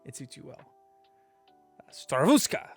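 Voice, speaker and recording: A man hosts a laid-back podcast, joking around and rattling off sponsor reads and long lists of names. His voice sits a little high, with faint music underneath. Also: moderate pace, fairly bright tone. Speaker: podcast host.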